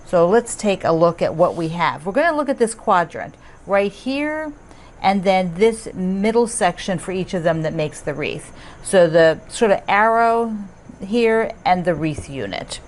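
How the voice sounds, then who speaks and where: A woman's voice: fairly low pitch, sing-song, a little slow, slight background noise. Chatty woman hosting a quilting tutorial. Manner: chatty and upbeat, with asides and self-corrections. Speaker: quilting teacher and host.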